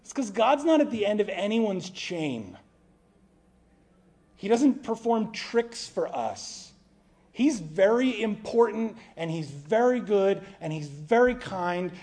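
A man delivering a sermon in an informal, conversational voice that sits a bit high for a man. He sometimes drops quiet and low to stress a point. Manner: conversational preaching, acts out quoted voices. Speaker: pastor.

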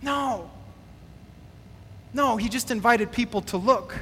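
High, bright-voiced man preaching in a hall. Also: normal speed, slight background noise. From Wisconsin, USA. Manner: animated, conversational, acts out quotes. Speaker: pastor. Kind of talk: sermon. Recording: long reverb from a large hall.

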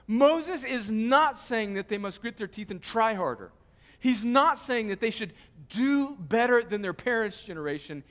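Impassioned high-voiced preacher man. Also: animated, a little slow, in a large hall. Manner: passionate, swings from loud pleading to quiet earnest; repeats words, restarts phrases. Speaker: pastor. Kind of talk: sermon.

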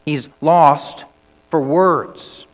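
A man preaching a sermon. His delivery sinks low and soft on key words and climbs to loud cries when he quotes scripture. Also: extremely slow. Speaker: pastor. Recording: dull recording with long hall reverb.

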